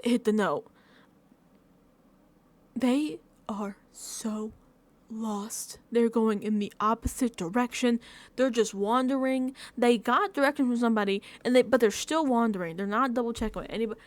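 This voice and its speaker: This young woman's voice is a little high and her speed is normal as she casually recaps a reality show at home. Sitting near a desk mic, she talks in rambling, lively spurts full of restarts and offhand swearing.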